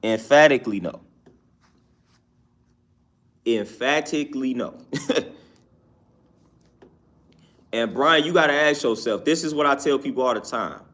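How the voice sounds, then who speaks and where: With a bright, forceful, medium-pitched voice, this man speaks unhurriedly and leaves long pauses. Hosting his own YouTube show, he gives his opinions casually, emphatically and repetitively, often asking "you know what I'm saying."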